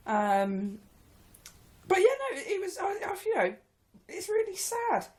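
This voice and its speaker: A woman co-hosting a comedy podcast, animated and quick with dry, self-deprecating quips. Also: extremely high pitch. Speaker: podcast co-host. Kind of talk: casual comedy chat.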